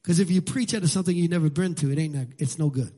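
A man preaching a sermon as pastor, building to shouted lines. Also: a little high, rapid-fire.

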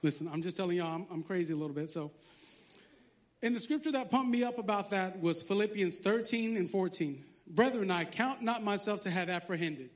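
A man pastor preaching a lively sermon, joking and sarcastic between scripture readings. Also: sits high, brisk.

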